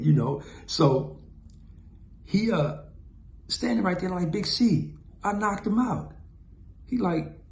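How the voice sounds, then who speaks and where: Animated man spinning street stories, echoey room. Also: medium pitch, slight background noise. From Compton, California. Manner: animated, acts out quotes and sound effects. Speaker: host telling stories. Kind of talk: casual storytelling.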